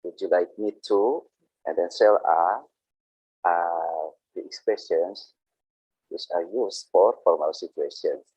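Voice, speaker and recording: Slow, deep-voiced man with a husky tone. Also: dark tone, no room sound. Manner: slow, hesitant, with many fillers. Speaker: teacher. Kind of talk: lesson recap. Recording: dull, lo-fi sound.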